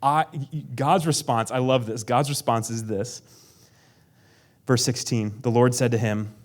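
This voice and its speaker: A man's voice: mid-range voice, steady tone, a little slow. A male pastor preaching a conversational sermon, acting out prayers in a raised voice and dropping to a near whisper for emphasis.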